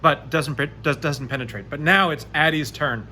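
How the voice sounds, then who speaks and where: A man narrating a solo tabletop game, chatty and animated as he rolls dice aloud. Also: a little high, normal speed, slight background noise. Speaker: game master playing solo.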